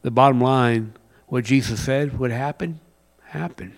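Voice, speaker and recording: A man preaching a sermon, rising to loud emphatic passages and dropping to a near whisper. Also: mid-range voice, takes it slowly, long pauses. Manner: reads scripture with plain conversational paraphrase. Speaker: pastor.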